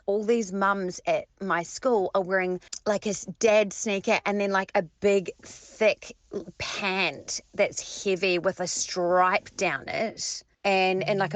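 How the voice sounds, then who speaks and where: A woman in her thirties rants in a phone voice memo, exasperated and self-mocking. Her voice sits fairly low and she drawls slowly, and the sound is dry and close. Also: dry recording. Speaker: friend sending a voice note. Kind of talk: ranting voice message.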